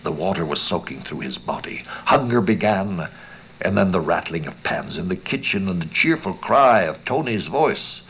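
A man's voice: deep voice, sing-song, normal speed, a bit bright, a little hiss or hum, poor audio. A man narrating a western short story for an audiobook, in a dramatic delivery that often drops to a whisper.

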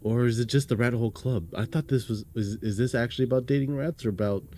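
A man's voice: medium pitch, fast talker, dark tone, a little hiss or hum. Joking man playing a game aloud. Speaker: gaming channel host. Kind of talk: casual let's-play commentary.

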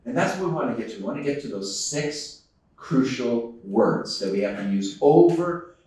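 Here the man's voice is medium-pitched and a little mellow, with lively intonation at a normal speed. Addressing a live audience in a large conference hall, he earnestly tells a story, laughing often and restarting sentences, recorded by a distant microphone amid echo.

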